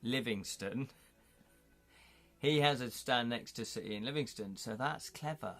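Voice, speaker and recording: A middle-aged man from the United Kingdom, hosting a live stream and chatting casually with viewers' comments, jokey and quick to laugh. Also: medium pitch, bright, forceful tone. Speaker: livestream host.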